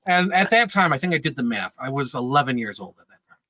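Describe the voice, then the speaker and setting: A man's voice: mid-range voice, big pitch swings, fast talker, bright, forceful tone, no room sound, poor audio. A man in his thirties telling casual, rambling stories on a podcast, laughing often and swearing freely. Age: 30s. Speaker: podcast regular. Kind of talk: casual storytelling chat.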